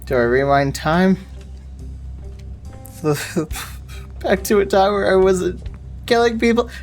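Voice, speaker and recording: A woman's voice: mid-range voice, animated, takes it slowly, a little mellow, faint music behind. A woman streamer giving playful, giggly commentary while playing a game. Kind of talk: casual gaming commentary.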